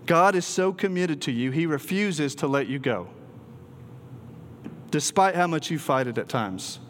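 A man's voice: on the high side, animated, unhurried, a little hiss or hum. A man preaching a sermon to a student gathering, earnest and emphatic, with occasional ums and restarts. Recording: long hall reverb.

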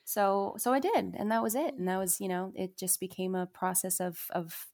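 A woman's voice: mid-range voice, moderate pace, darkish tone. A young adult woman, a musician guest in an interview, telling a personal story in a confessional way with lots of "you know" and "like".

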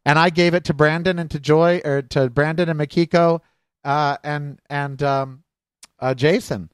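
Middle-aged male podcast host, candid rambling monologue, slightly high voice, dry close recording. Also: fairly even intonation, normal speed, smooth, no room sound. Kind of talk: personal monologue.

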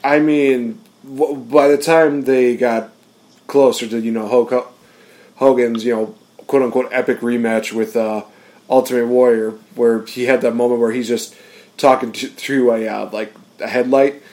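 Animated man in casual wrestling chat. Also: medium pitch, normal speed. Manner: animated, acts out wrestler promos in bursts. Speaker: podcast co-host.

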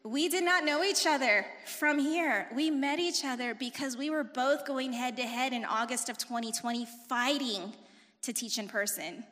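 Woman in her 40s telling her church testimony, talks fast, gets intense, big echoey sanctuary. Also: sits high. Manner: fast-talking, animated storyteller; emphatic, rising to forceful intensity. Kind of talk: personal testimony talk. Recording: long reverb of a large hall.

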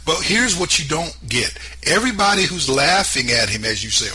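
A man's voice: on the high side, sing-song, normal speed, few pauses, music in the background, rough recording. A man hosting a political commentary show, talking emphatically and firing off sarcastic rhetorical questions. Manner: sarcastic, mocking asides. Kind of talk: opinionated political commentary monologue.

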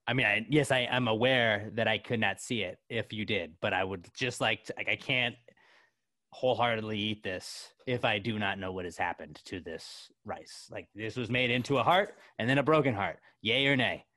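A man's voice: lowish voice, normal speed, sharp tone, no room sound, studio quality. A man hosting a casual chat, joking, swearing freely and acting out little voices as he tells stories. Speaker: radio host.

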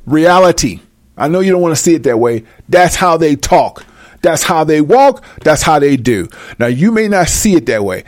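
A man's voice: a little high, sing-song, moderate pace, no room sound. A man delivering a heated, profane monologue rant, speaking emphatically to his viewers.

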